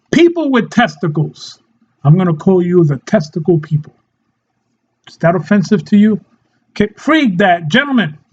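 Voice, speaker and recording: A man's voice: a little high, a little mellow, highs cut off. A man delivering a mock-serious satirical monologue in a sarcastic tone, often laughing and acting out short quoted voices. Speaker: satirical commentator.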